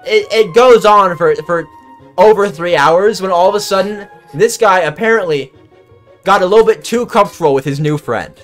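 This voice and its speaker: A young man streaming, telling a story in an animated, exasperated way and swearing freely. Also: sits high, moderate pace, faint music behind. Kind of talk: casual storytelling.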